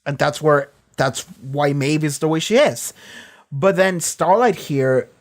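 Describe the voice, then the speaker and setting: A man hosting a reaction video, retelling scenes in a loose, profane way full of fillers. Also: on the high side. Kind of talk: casual reaction commentary.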